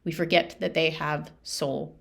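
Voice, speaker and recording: Gravelly earnest woman podcaster. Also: low voice, steady tone, unhurried, fairly bright tone. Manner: earnest, repetitive, heartfelt. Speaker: podcast host, life coach. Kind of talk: reflective solo podcast talk.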